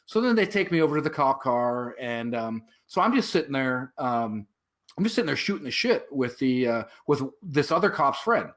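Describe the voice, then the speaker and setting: A man's voice: medium pitch, lively intonation, normal speed, a bit bright. A man, a veteran and activist, telling his story as a guest in a casual interview, rambling with many fillers and swear words.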